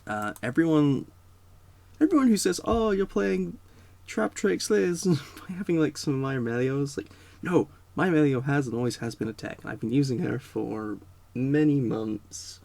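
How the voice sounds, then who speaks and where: A man's voice: medium pitch, expressive, normal speed, gravelly, darkish tone, dry recording. A man giving a casual, rambling spoken rant, full of fillers and restarts. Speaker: video creator.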